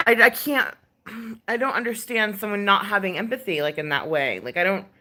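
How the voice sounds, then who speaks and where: A woman's voice: mid-range voice, normal speed, bright, forceful tone. A woman ranting casually on a stream, exasperated and full of sighs, fillers and swearing. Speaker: ASMR creator ranting on a live stream. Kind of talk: casual rant.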